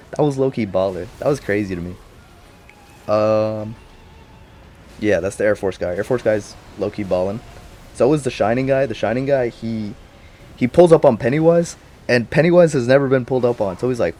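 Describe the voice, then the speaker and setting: A man's voice: mid-range voice, moderate pace, dark tone. A young man rambling casually about a show he watched, full of slang and swearing. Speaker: vlogger.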